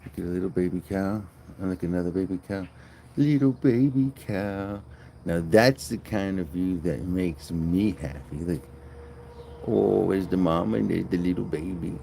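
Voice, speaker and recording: A man's voice: low-pitched, moderate pace, creaky, dark tone, slight background noise. A man streaming live, rambling and joking in casual chat and swearing freely.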